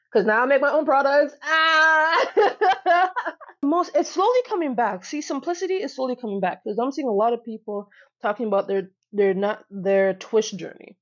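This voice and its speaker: A woman's voice: mid-range voice, darkish tone, dull audio. A young woman vlogging casually to camera, sassy and emphatic, repeating phrases for punch and laughing often. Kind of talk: casual direct-to-camera talk.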